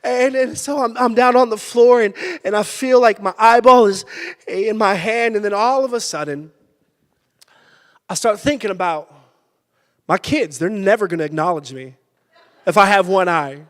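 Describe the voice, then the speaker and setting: A male pastor giving a sermon, telling a personal story with lively energy and sudden shouted bursts. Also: high-pitched, moderate pace. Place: church sanctuary. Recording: church hall with long reverb.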